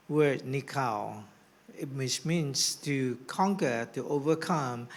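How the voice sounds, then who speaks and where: A man preaching a sermon as pastor, swinging from hushed whispers to rousing shouts. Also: medium pitch. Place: church hall.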